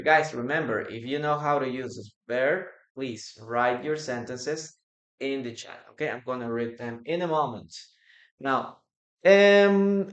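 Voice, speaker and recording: A male English teacher leads a live online lesson at an unhurried, deliberate pace. He repeats each word and keeps asking the chat questions. His voice rings with a roomy echo. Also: mid-range voice, pushed and bright. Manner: patient, repeats words, quizzes the chat.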